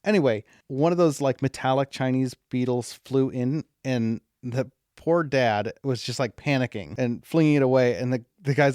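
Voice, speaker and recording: A man's voice: mid-range voice, a little fast, darkish tone, no room sound, clean studio sound. A man co-hosting a podcast in casual chat, a parent who laughs often and wanders into asides. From California. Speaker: podcast co-host.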